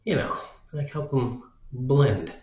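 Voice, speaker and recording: An American man musing aloud in a slow, meandering solo monologue, trailing off into fillers. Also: mid-range voice, expressive, mellow. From United States. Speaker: vlogger. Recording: dull lo-fi sound in an echoey room.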